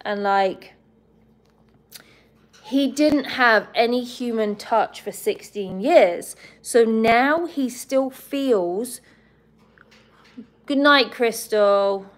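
A woman's voice: a little high, drawn-out words, pauses often. A woman from England hosting a casual live stream, chatting and giggling with viewers and her pet bird.

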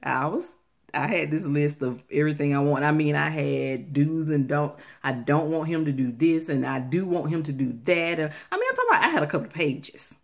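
A woman's voice: sits low, expressive, fairly quick, vocal fry. A woman giving earnest, Bible-based relationship advice to her viewers, talking to them directly and repeating phrases for emphasis. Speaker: faith-based relationship vlogger.

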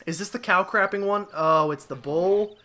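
A young man giving casual, jokey let's play commentary, excitable and talking to the game figures. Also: high-pitched, normal speed. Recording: voice over loud game music. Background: game music.

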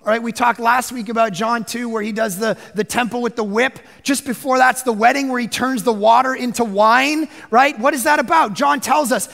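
A man preaching a sermon as a pastor, animated, dropping to a hush and rising to shouts. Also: very high voice, normal speed, vocal fry, few pauses, long reverb tail.

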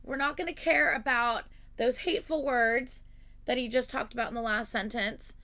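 Woman reactor, casual commentary, effusive exclaiming, slightly high voice with a forceful edge. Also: steady tone, normal speed. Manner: effusive, exclaiming, swings from gushing to murmuring. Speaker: music video reactor.

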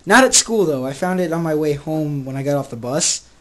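A teenage boy rambles through a casual vlog, brash and crude. His pitch swings all over the place, and he jumps from loud outbursts to low mutters as he gets sidetracked. He sounds jokey and unpolished throughout. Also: lively intonation, fairly quick. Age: teens. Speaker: vlogger.

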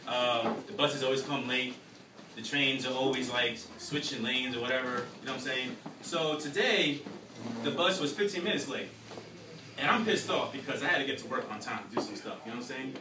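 A young man doing a live stand-up routine, telling animated stories and shouting his punchlines. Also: mid-range voice, brisk. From New York. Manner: animated storytelling with shouted punchlines and frequent "you know what I'm saying". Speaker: stand-up comedian. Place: small live venue. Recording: roomy, distant, noisy live recording.

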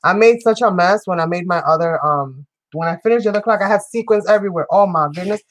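A woman's voice: lowish voice, fast talker, dry recording, rough recording. A woman hosting a live crafting show, chatting playfully with viewers as she works and often breaking into giggles. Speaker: crafting channel host. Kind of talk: live crafting demonstration chat.

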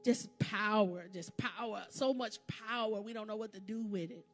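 A woman's voice: mid-range voice, moderate pace. A woman preacher delivering a sermon in a church, building to fervent exhortation with repeated phrases. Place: church sanctuary. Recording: live church service with background music. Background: instrumental music playing under the sermon.

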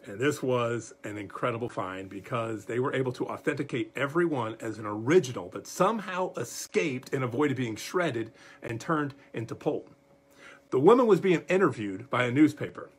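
A man leading a livestreamed Bible study as pastor, folksy and animated, talking straight to his viewers. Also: mid-range voice, normal speed, breathy edge.

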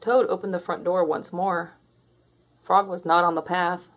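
A woman reading a children's picture book aloud in a slow, clear storytelling manner. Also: on the low side, steady tone. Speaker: storybook reader. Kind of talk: children's read-aloud narration.

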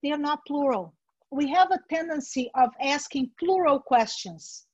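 Woman, high voice, direct coaching workshop talk, dull video-call audio. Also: expressive, normal speed, no room sound. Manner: direct, coaching tone, acts out sample interviews. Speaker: workshop presenter. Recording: dry, dull webinar audio.

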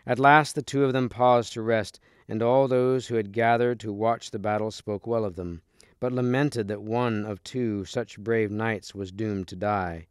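A man reading a storybook aloud to listeners in steady, clear narration. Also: on the low side, a little slow, no room sound, studio quality. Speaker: reader.

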